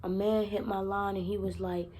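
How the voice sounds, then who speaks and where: A woman's voice: medium pitch, little pitch movement, moderate pace, darkish tone, a little hiss or hum. A young woman vlogging in a casual monologue, blunt and profane, swearing freely and repeating her points for emphasis. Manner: emphatic, repeats herself for effect. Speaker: self-help vlogger.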